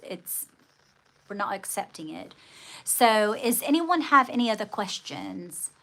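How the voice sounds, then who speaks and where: A woman's voice: mid-range voice, very animated, measured pace, fairly bright tone. A woman hosting a casual livestream, chatting with viewers and thanking them, often calling them darling. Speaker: livestream host.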